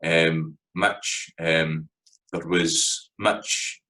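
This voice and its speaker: A man's voice: very deep voice, fairly even intonation, extremely slow, sharp tone, low-quality recording. A Scottish man giving a casual spoken lesson, loose and conversational, often checking in with "right?". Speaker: language teacher.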